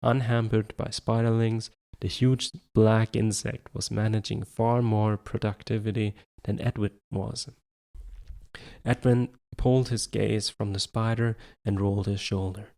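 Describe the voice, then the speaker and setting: A man with a low voice reads a story aloud as an amateur audiobook narrator. He often trips over words and restarts them, carrying on steadily. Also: flat delivery, unhurried, vocal fry, mellow. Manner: stumbles and restarts words, self-corrects. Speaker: audiobook reader.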